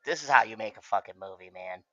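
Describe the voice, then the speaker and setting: A man hosting a movie watch-along, chatting casually and excitedly, swearing often and laughing as he reacts. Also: lowish voice, fast talker, no room sound, dull audio. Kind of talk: casual chat, reacting to a film.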